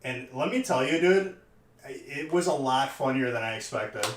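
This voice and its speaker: A young man chats loosely as he hosts a live stream, rambling from one thought to the next and ribbing his viewers about their spelling. His voice sits at an ordinary mid pitch for a man, and he is alone in a room as he talks. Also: lively intonation, moderate pace, slight background noise. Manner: rambling and teasing, talking to chat. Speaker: live stream host opening card packs. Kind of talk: casual live stream chat.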